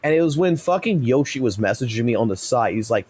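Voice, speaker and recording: A man's voice: medium pitch, lively intonation, fast talker, a little mellow, husky. A man in his thirties telling a story on a live stream, blunt and heated, swearing constantly.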